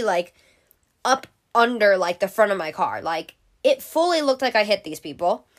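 A woman's voice: medium pitch, fairly bright tone. A young woman hosting a podcast, telling a story in a casual, chatty way and swearing freely. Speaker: podcast host.

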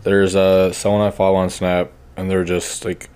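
A man's voice: deep voice, completely flat delivery, normal speed, hardly any pauses, a little mellow, clean tone. A man hosting a podcast, chatting crudely, swearing and laughing often. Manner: laughs often, swears, trails off mid-sentence. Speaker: podcast host. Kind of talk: crude casual chat.

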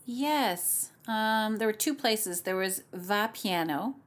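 A woman opera singer chatting as a podcast guest, telling animated stories with lots of giggling. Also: medium pitch, takes it slowly. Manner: giggly, animated storyteller who acts out voices. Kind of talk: casual podcast chat.

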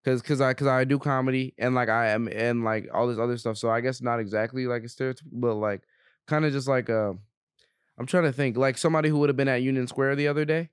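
A man's voice: medium pitch, fairly even intonation, quick pace, smooth, no room sound, studio quality. A young man, a comedian guest, chatting casually on a podcast in a laid-back, slangy way. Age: young adult. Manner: slangy, laid-back, says bro a lot.

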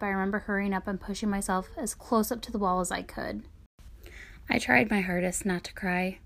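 A woman reads a personal memoir aloud at a middling pitch. Her delivery is quiet and subdued. At times it sinks nearly to a whisper. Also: gravelly. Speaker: author reading her own memoir.

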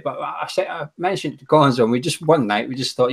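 A man's voice: on the high side, quick pace, gravelly, few pauses. A man from Aberdeen with a Scottish accent, a guest telling a friendly, rambling story in casual chat. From Aberdeen, Scotland. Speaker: guest, co-host of a fan show.

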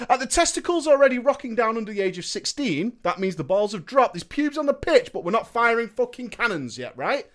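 A man with a high, bright voice that leaps all over the place reads viewers' gaming stories aloud. He stops to react with profane jokes and frequent laughter, keeping it loose and conversational. His pitch swings widely from line to line. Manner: animated and profane, laughing often. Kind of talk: casual storytelling chat.

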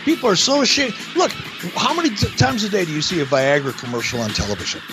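Male guest, high and animated, crude storyteller, music underneath. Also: quick pace. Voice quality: animated, emphatic delivery with big pitch swings. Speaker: podcast guest. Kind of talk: casual profane storytelling.

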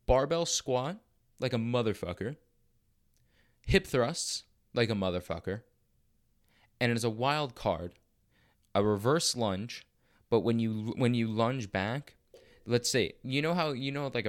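A young man hosting a podcast, talking in a crude, boastful, profanity-laced casual monologue. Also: medium pitch. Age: young adult. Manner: bursts of fast, excited talk. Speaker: podcast host.

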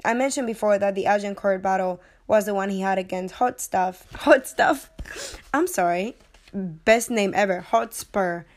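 A young woman casually reviewing a film, chatty and digressive, with playful swearing, and sounding sick and short of breath. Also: mid-range voice. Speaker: movie reviewer.

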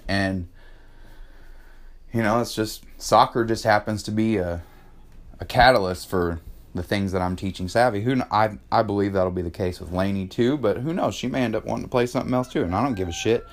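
Passionate swearing man, low voice. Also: brisk. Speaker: podcast host. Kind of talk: casual monologue.

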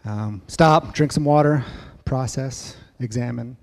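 A man telling a story in a sermon at church, lively and acting out voices. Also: medium pitch, takes it slowly, long reverb tail. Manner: animated storyteller, acts out kids' voices. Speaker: church speaker.

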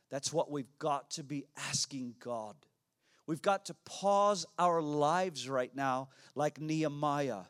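Slow, emphatic male preacher. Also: on the high side. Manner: dramatic swings from hushed to shouting. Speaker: pastor. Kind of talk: sermon.

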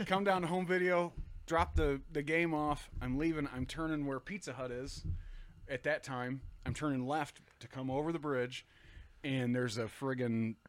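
A man guest on a podcast telling stories casually, swearing often and acting out quoted lines loudly. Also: on the high side, steady tone, measured pace. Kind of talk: casual storytelling.

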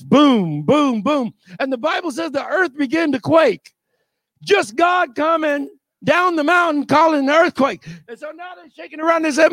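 High-voiced preacher. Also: male voice, dry recording. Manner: animated storytelling, bursts of shouting. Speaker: pastor. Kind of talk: sermon.

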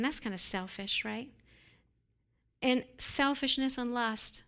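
A woman preaching a sermon, often breaking into quick laughs and acting out the voices of the people she describes. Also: mid-range voice, gravelly. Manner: acts out quoted voices with animated, laughing asides.

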